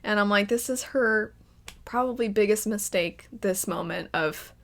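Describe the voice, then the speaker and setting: A woman's voice: medium pitch, a little slow. A woman giving casual reaction commentary as a first-time viewer, laughing often and mimicking characters in mock voices.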